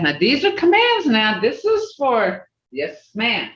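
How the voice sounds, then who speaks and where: Older woman, language teacher, slow and patient, lively pitch, roomy lo-fi call audio. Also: distant mic. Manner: patient, repeats words slowly for learners. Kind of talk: online language class. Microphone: video call.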